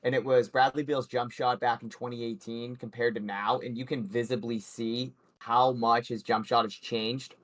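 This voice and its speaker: A man hosting a sports betting livestream with a co-host. He talks in a loose, chatty way and swears casually. His voice sits at an ordinary mid pitch for a man. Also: steady tone, moderate pace, hardly any pauses.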